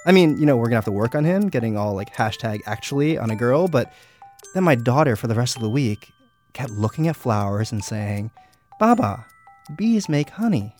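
A male radio host with a medium-pitched voice that swings widely up and down as he tells a story. He talks in a lively, animated way from a studio, with a faint music bed behind him. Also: brisk. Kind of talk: radio food show hosting and storytelling.

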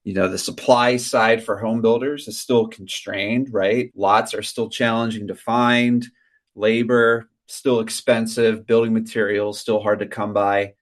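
A man's voice: on the low side, fairly even intonation, unhurried. A man, an economist, explaining conversationally in an interview clip.

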